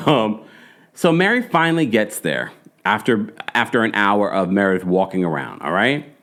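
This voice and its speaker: A man's voice: fairly low pitch, sing-song, moderate pace, a bit bright. A man hosting a casual, opinionated recap of a reality show, talking emphatically and mimicking the people he discusses.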